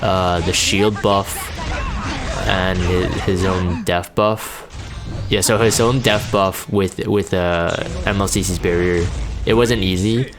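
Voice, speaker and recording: Man, very deep voice, sleepy game commentary, rambling with fillers, music playing behind. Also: slow pace. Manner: relaxed, many fillers and restarts. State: sleepy, just woke up. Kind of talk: casual gameplay commentary.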